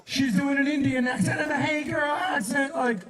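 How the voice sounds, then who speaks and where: Male panelist, very high pitch, joking, off-mic with crowd. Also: steady tone, normal speed. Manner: joking, teasing, loud interjections. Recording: distant mic with loud crowd.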